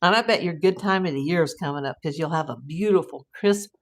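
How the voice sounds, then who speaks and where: A woman's voice: fairly low pitch, fast talker. Woman livestream host, chatty and rambling, casual, laughs easily. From Southern California. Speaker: true crime livestream host. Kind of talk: casual livestream chat reading viewer comments.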